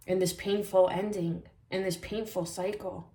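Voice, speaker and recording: A woman giving a spiritual tarot reading in a soft, reflective way, often repeating phrases for emphasis. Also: medium pitch, little pitch movement, moderate pace, few pauses, echoey room, a little hiss or hum. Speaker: tarot reader.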